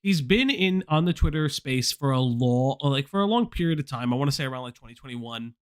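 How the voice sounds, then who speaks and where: A man's voice: mid-range voice, brisk, smooth. A man hosting a casual livestream chat, swearing often and restarting his sentences. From United States. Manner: animated, swears a lot, stammering restarts. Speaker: stream host.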